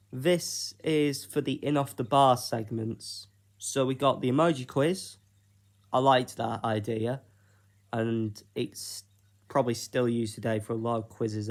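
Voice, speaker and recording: A man from Britain talking through his own ideas in a casual solo vlog, unhurried and hesitant, with plenty of ums and pauses. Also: medium pitch. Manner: unhurried, hesitant, with frequent fillers. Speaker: YouTuber.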